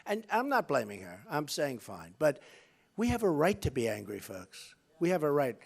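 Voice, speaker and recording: A man's voice: a little high, wildly swooping pitch, normal speed, creaky. A man running for office, giving a rambling, boastful, repetitive campaign speech from a rally stage. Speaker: political candidate.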